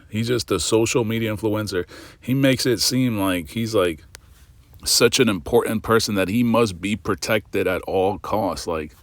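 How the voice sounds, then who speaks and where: A man delivers casual commentary in a middle-pitched voice. He is skeptical and worked up, and he hammers the same points again and again. The sound is dry and close, with no room around it. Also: no echo. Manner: skeptical, ranting, repeats points. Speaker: reaction channel host.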